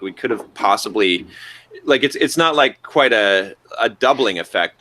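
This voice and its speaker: Bright-voiced man in casual podcast chat. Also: lowish voice. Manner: rambling, lots of restarts and fillers, jokey asides. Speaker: podcast co-host.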